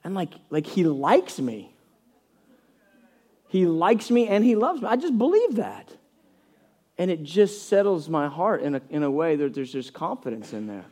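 Passionate preaching man, slightly high voice. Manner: passionate, storytelling, acts out quotes with hushed voices. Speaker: pastor. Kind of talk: sermon.

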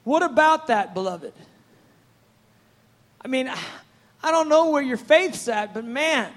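High-voiced fervent male preacher. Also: animated, slow pace, long pauses. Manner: fervent, conversational and rambling. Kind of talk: sermon.

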